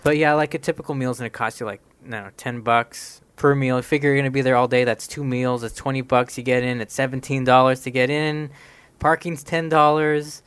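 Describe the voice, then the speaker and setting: A man's voice: medium pitch, brisk, clear, resonant tone, no echo. Joking male podcast host. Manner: relaxed, joking, frequent fillers. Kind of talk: casual chat.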